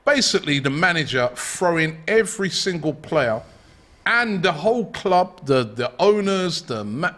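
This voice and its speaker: A man hosting a football round-up show, chatting casually with animated banter. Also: fairly high pitch, unhurried.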